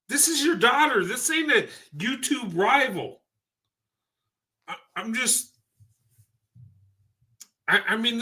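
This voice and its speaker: A man with a very high, bright voice reacts to a clip in commentary. He talks slowly and sounds incredulous and mocking, stopping now and then to laugh or imitate. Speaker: commentary channel host.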